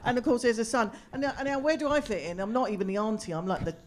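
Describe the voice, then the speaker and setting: A woman doing stand-up comedy, her pitch leaping widely as she teases the crowd. She talks in a chatty way, full of rhetorical asides to the audience. Her voice sits a little high for a woman. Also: lively intonation, racing. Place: live comedy venue with audience.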